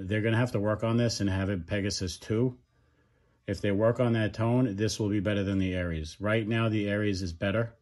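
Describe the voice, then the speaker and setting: A man's voice: fairly low pitch, a little mellow. A man giving a casual, frank product review, talking freely and often restarting or correcting himself mid-sentence. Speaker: audio gear reviewer.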